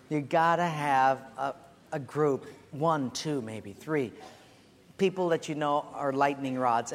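A middle-aged male pastor preaching a sermon, animated and acting out comic stories. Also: a little high. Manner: animated storyteller, acts out voices. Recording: echoey church hall, faint ambience.

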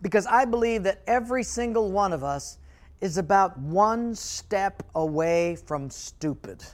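A man preaching a sermon as pastor, telling stories with animation and dropping to quiet emphasis. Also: high-pitched, animated, measured pace.

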